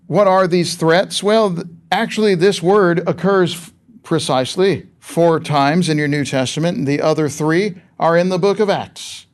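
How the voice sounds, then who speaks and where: A man's voice: fairly high pitch, normal speed. A man preaching a sermon in a conversational, emphatic way, asking rhetorical questions of his listeners.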